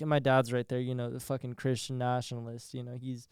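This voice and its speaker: A man's voice: medium pitch, completely flat delivery, fast talker, darkish tone, smooth, no echo, clean studio sound. A young man hosting a solo podcast, talking in a rambling, profane way and laughing at his own jokes. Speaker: podcast host.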